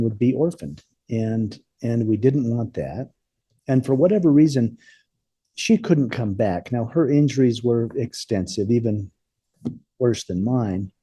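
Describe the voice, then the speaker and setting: A man telling a personal story as an interview guest, speaking earnestly and haltingly, often repeating words as he goes. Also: mid-range voice, warm tone, breathy edge, dry recording, clean studio sound.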